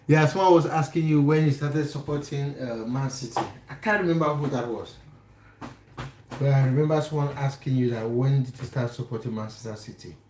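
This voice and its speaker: A man's voice: mid-range voice, dark tone. Chatty man live-streaming from his kitchen. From Cameroon. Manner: chatty, teasing, answering viewers by name. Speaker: livestream host. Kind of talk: casual live chat reading viewer comments. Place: home kitchen. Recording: echoey kitchen room.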